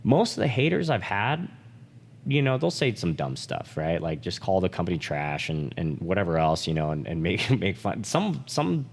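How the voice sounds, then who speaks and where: A man with a fairly low voice talks openly and with feeling on a podcast, his speech full of "like" and the odd curse. The room rings with a long reverb behind him. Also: sing-song, moderate pace, gravelly. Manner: emotional, swearing, many "like" fillers. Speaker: podcast co-host. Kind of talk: candid podcast chat.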